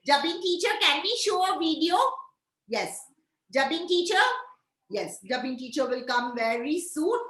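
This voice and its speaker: A woman preschool teacher telling a story to young children, animated, sing-song and coaxing. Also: high voice, roomy sound, poor audio.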